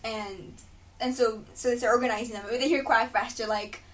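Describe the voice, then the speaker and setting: A woman's voice: a little high, fairly even intonation, moderate pace, distant mic, slight background noise. A woman co-hosting a podcast, recapping a cartoon episode in a chatty, laughing way. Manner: chatty, laughing, lots of fillers. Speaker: podcast co-host. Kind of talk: casual episode recap chat.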